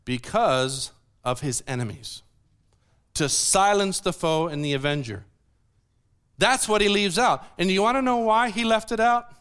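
A man's voice: sits high, unhurried, clean tone. A man preaching a sermon, explaining scripture and putting questions to the congregation. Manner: animated, asks the audience questions.

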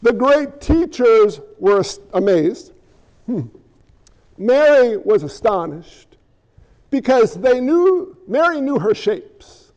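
A man preaching a sermon as pastor in an animated, conversational way with jokey asides. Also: high-pitched, long reverb tail.

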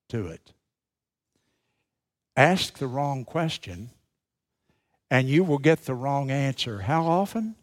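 Male pastor, unhurried sermon delivery, mid-pitched, leans on repetition and pauses. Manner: emphatic preaching with dramatic pauses, repeats key phrases.

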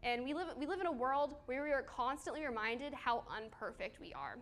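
A woman's voice: sits high, lively intonation, fairly quick, a bit bright. A woman giving a casual sermon to a small live group on a handheld mic, chatty and self-deprecating, with fillers and questions to the audience. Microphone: handheld microphone.

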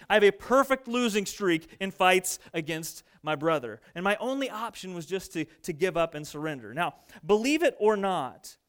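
A young adult man preaching a sermon, telling a story in an animated, conversational way to his congregation. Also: high-pitched. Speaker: pastor. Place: church sanctuary.

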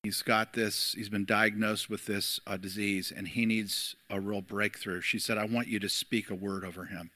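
A man's voice: lowish voice, little pitch movement, moderate pace, few pauses, sharp tone, no echo. A middle-aged man, a pastor, preaching a sermon and telling a story to his church, with frequent fillers.

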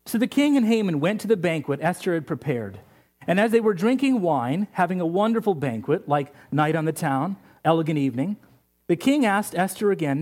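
A male pastor with a high-pitched voice, preaching. He retells a story with humorous asides. His delivery is lively storytelling. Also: fairly quick. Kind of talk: sermon.

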